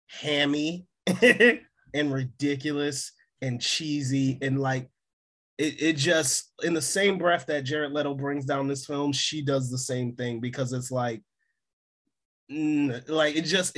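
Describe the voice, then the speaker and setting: A man chatting on a film podcast in an easy, rambling way. He fills his sentences with "like" and breaks into laughter often, and his voice sits at an ordinary middle pitch. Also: fairly bright tone. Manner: laughs often, many "like" fillers. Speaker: podcast co-host. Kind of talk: casual film review chat.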